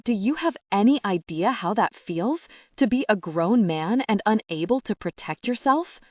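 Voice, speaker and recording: In clean studio sound with no room sound, a woman with a natural, mid-range voice and lively intonation reads at a moderate pace. Voicing an audiobook character, an anguished young man confessing past trauma, she sounds bitter, strained and choked, with a hissing edge.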